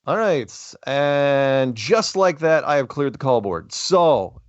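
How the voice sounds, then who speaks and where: A man's voice: medium pitch, big pitch swings, takes it slowly, no room sound. A man hosting a call-in show, rambling in a casual, joking, self-deprecating way. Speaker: radio call-in show host. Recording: dry, dull lo-fi audio.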